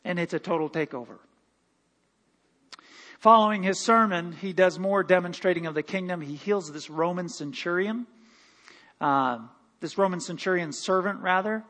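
High-voiced pastor preaching in a reverberant hall. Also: male voice, moderate pace. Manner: animated preaching with laughs and quoted voices. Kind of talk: sermon. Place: church sanctuary.

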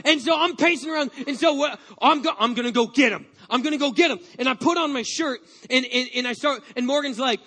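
A man preaching a sermon as pastor, telling a personal story with lively energy and frequent restarts. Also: very high-pitched, fast, few pauses.

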